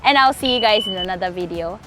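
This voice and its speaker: A young woman from Nigeria teaching Korean grammar in a casual, patient way, repeating key points slowly. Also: mid-range voice, music in the background. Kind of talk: casual explanatory lesson.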